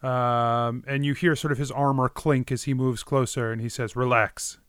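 A man's voice: mid-range voice, steady tone, moderate pace, smooth, dry recording, clean studio sound. A man running a tabletop game as game master, narrating scenes and voicing side characters, with frequent fillers.

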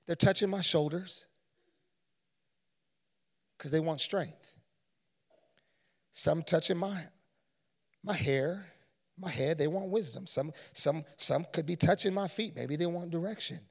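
A preacher softly voicing a calm, gentle Jesus. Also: male voice, fairly high pitch, voice pushed down, full character voice. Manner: soft, hushed, slow. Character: Jesus, calm gentle man speaking to a crowd. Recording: long reverb of a large church.

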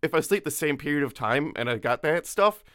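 Just-woke-up guy rambling on a podcast, smooth voice, totally dry audio. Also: fairly high pitch, animated, fairly quick, fairly bright tone, no room sound. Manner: rambling, self-interrupting, laughs easily. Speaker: podcast co-host. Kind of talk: casual chat.

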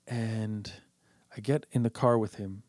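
A man's voice: lowish voice, fairly even intonation, a little slow, a little mellow, no echo, studio quality. A man telling a long story in casual chat, full of "like" and "I was like.". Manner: rambling, lots of "like" and "I was like".

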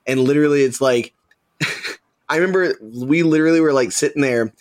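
A man's voice: medium pitch, moderate pace. A man in his thirties telling a rambling story with many fillers in a casual podcast chat. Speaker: podcast host.

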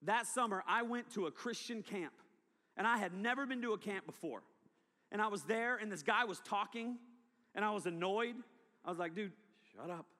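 A man preaching a testimony sermon, telling his story with animated delivery. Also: sits high, moderate pace. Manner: animated storytelling, acting out past self. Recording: long hall reverb.

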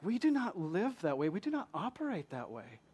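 Passionate higher-voiced preacher with a Southern accent. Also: male voice, wildly swooping pitch, fairly quick, darkish tone, slightly rough. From Michigan. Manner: passionate, asks the congregation many rhetorical questions. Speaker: pastor. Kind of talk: sermon. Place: church.

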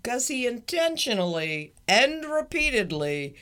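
Lively, laughing woman co-host. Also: fairly high pitch, unhurried. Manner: teasing and laughs often, story-telling. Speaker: podcast co-host. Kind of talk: casual chat.

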